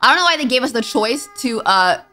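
A woman narrating her way through a horror game, chatty and animated as she reads the dialogue aloud. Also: on the high side, a little fast. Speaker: gaming YouTuber. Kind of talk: let's play commentary. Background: game music.

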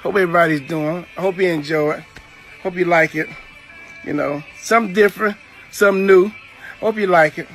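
Chill guy talking to his viewers, kinda high voice, lots of you know. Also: fairly quick, faint music behind. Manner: relaxed, repeats "you know". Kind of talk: casual vlog talk to viewers.

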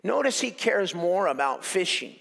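A male pastor preaching a sermon in an animated, joking way, repeating phrases for emphasis. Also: high voice, moderate pace, creaky. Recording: echoey hall reverb.

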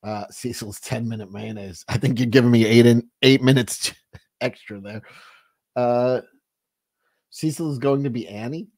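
A man hosts a casual livestream, chatting loosely with his co-host and the viewers. His voice sits at an ordinary middle pitch. He rambles, swears freely and often stops and restarts his sentences. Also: moderate pace, darkish tone. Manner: rambling, profane, frequent restarts.

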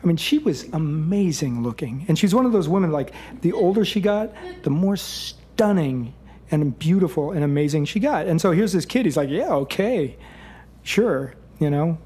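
A middle-aged man on a live stage telling a rambling comic fairy tale, chuckling through deadpan asides. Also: on the high side, normal speed.

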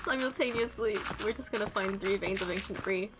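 A woman's voice: medium pitch, fast talker, rough recording. A woman streaming a game, chatting playfully and laughing often as she reads chat and jokes with a friend. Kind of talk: casual gaming stream chat.

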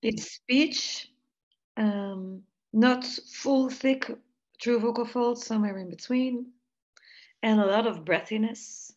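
On a muffled video-call recording, a Belgian woman with a voice on the high side takes her time. She teaches jazz voice and, in this English-language online interview, thoughtfully analyzes singing technique, dropping light laughs between points.

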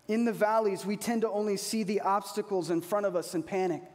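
Man, pastor, sermon, earnest, repeats key lines slowly, high voice, long hall reverb. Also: fairly even intonation, darkish tone. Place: church hall.

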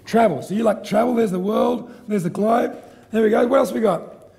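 A middle-aged man giving a live seminar talk, energetic and joking as he quizzes the audience. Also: high voice, moderate pace, gravelly. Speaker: seminar presenter.

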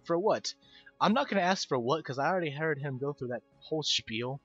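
Male game commentator, rambling and self-mocking, lively pitch, dull lo-fi mic with game music under it. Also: brisk, breathy edge. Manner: rambling, self-deprecating, stumbles over words. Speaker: gaming video host.

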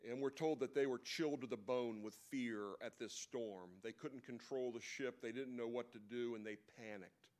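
A man's voice: mid-range voice, steady tone, normal speed, hardly any pauses, darkish tone. A man giving a sermon at a men's breakfast, retelling a story in an easy conversational way with occasional asides.

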